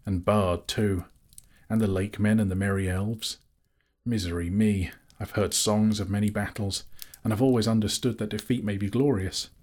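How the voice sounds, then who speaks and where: A man's voice: lowish voice, fairly even intonation, moderate pace, darkish tone, close to an everyday voice. A man voicing a small, anxious, fussy male hobbit who frets to himself, in an audiobook reading. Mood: fretful. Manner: worried, self-pitying musing.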